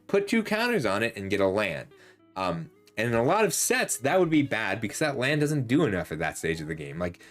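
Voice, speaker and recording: A man hosting a casual card set review, chatty and analytic, often correcting himself mid-sentence, his voice slightly worn. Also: mid-range voice. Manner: chatty and analytic, with frequent ums and self-corrections. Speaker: host reviewing game cards.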